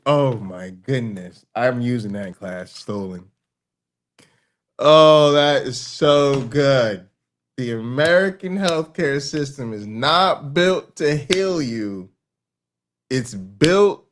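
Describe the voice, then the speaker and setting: Brief: male streamer, casual reaction rant, profane and animated, swings from murmurs to excitement. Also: medium pitch, slow pace. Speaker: streamer host.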